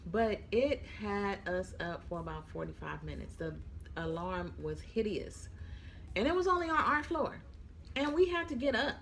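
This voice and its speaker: A woman's voice: medium pitch, lively intonation, moderate pace, a bit bright, a little hiss or hum. A young woman flight attendant chats casually to her viewers, tired and yawning, calling them y'all. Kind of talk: casual chat to camera.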